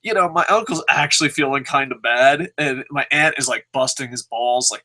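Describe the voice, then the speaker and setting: Bright-voiced profane storytelling man. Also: mid-range voice, moderate pace, hardly any pauses. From New Jersey. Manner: profane, laughs often while talking. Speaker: podcast host. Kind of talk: casual storytelling.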